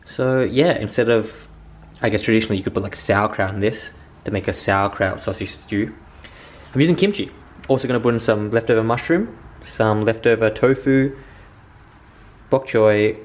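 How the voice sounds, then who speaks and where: A young man narrating a casual home cooking vlog in a chatty, excitable way, swearing freely. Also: fairly low pitch, slight background noise. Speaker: vlogger. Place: home kitchen.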